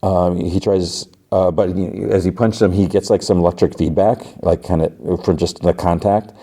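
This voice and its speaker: Deep, mellow man casually recapping. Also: fairly even intonation, moderate pace. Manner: loose retelling full of "like" and "uh". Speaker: podcast host.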